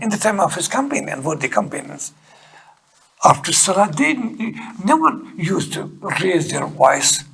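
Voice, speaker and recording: An older man with a Kashmiri accent lectures on scripture in an earnest, teacherly way. His voice is gravelly and very husky. His pitch moves in wide, lively swings as he stresses points and softens for prayers. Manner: earnest, rises sharply on emphasis, drops low for prayers. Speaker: Quran teacher. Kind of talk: religious lecture.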